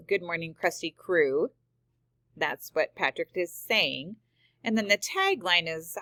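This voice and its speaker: A woman's voice: sits low, a bit bright, no room sound. A woman teacher explaining punctuation rules step by step, reading example sentences aloud. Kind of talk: screen-recorded grammar lesson.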